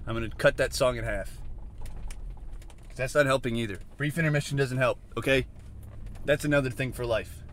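A man hosting a solo podcast from inside a car, rambling and questioning himself, swinging from mutters to shouts. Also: medium pitch, a little fast, long pauses, slight background noise. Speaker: podcast host.

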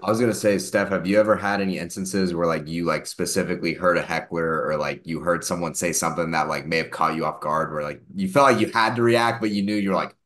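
A man's voice: low voice, quick pace, few pauses, a bit bright. A man co-hosting a podcast in casual chat, asking easygoing, rambling questions. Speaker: podcast co-host.

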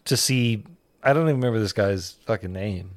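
A man co-hosting a podcast, chatting casually, skeptical and halting, with frequent restarts. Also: on the low side, dry recording. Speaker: podcast co-host. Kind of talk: casual chat reviewing a web series.

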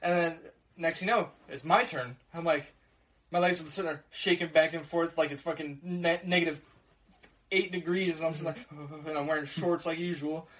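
A man's voice: on the high side, fairly even intonation, normal speed, a bit bright, poor audio. A young man from co-hosting a podcast, telling a story in casual chat, acting out the quotes and swearing freely.

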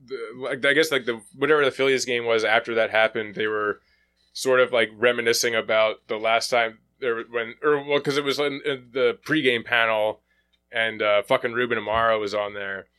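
A man's voice: medium pitch, flat delivery, moderate pace, pushed and bright. A man hosting a casual sports podcast, rambling with lots of fillers, restarts and swearing. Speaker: podcast host.

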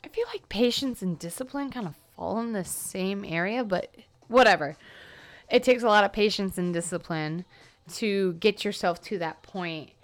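A woman's voice: mid-range voice, a bit bright. Tired young woman rambling on her podcast. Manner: rambling, self-interrupting with fillers. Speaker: podcast host. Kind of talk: casual solo podcast monologue.

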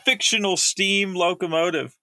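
Brief: dry, matter-of-fact male co-host with a gravelly, forward tone, pauses on fillers and sets facts straight. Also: high-pitched, fairly even intonation, pushed and bright, no room sound. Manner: matter-of-fact, corrects his partner, halting with fillers. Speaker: podcast co-host. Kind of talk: casual sports betting chat.

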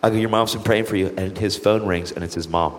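A man's voice: fairly low pitch, fast talker, in a large hall. A man, an evangelist guest, telling a testimony with animation and acting out the people he quotes. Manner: animated, acts out quoted voices. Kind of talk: storytelling testimony.

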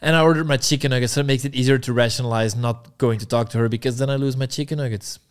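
A man's voice: medium pitch, steady tone, racing, clear, resonant tone. A young man as a podcast guest, telling a long story in a casual, laid-back way, swearing freely and acting out what people said.

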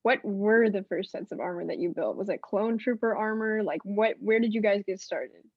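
A woman's voice: mid-range voice, moderate pace, breathy edge, dry recording, narrow, tinny audio. A woman hosting a casual chat show, upbeat and asking rambling questions. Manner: upbeat, asks questions in rambling run-on sentences. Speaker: podcast host.

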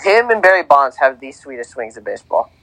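A man's voice: medium pitch, fairly quick. A young man co-hosting a casual sports podcast, playfully arguing with his friends. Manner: lively, argues playfully. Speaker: podcast co-host.

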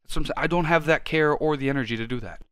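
A young man co-hosting a podcast, ranting loudly and cursing in casual chat. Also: a little high, racing, clean tone, no room sound. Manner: loud, ranting, profane, gets animated. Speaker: podcast co-host.

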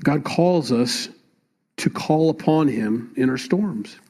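Pastor, man, mid-pitched, chatty sermon delivery with emphatic swells. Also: animated, slow, a little mellow, slightly rough. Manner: conversational preaching, rising emphatic at times.

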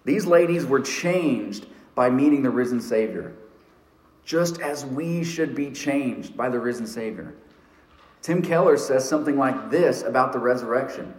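Earnest preacher in a roomy church. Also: male voice, mid-range voice. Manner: earnest storytelling preacher, slows for emphasis. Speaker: pastor. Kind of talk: sermon. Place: church sanctuary.

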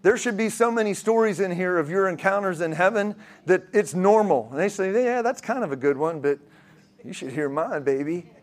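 A man's voice: sits high, expressive, fairly quick, few pauses. A man preaching a sermon, telling a vision story in an earnest way with many restarts and repeated words. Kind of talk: sermon testimony.

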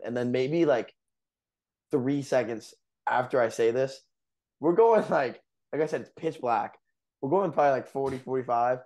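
Young man, casual podcast storytelling, rambling, filler-heavy, middle pitch. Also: normal speed, a little mellow. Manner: rambling, lots of fillers, laughs while telling. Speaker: podcast co-host.

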